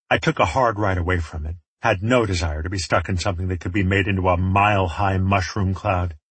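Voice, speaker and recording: A man's voice: on the low side, fairly bright tone, breathy edge, no room sound. A man reading a first-person story aloud, with wry, sardonic asides. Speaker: audiobook narrator. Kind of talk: first-person audiobook narration.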